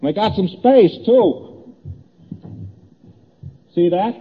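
Male lecturer, slightly high voice, chatty and repetitive, thin phone-like old tape with hall reverb. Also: lively intonation, extremely slow. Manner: conversational, repeats points, acts out little exchanges. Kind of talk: lecture explaining graphs on a board.

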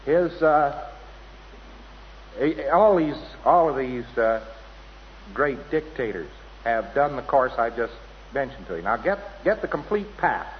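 A man's voice: mid-range voice, very animated, measured pace, pauses often. A man giving a rambling, anecdotal lecture to an audience, often mimicking other people's voices. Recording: dull lo-fi hall recording with hiss.

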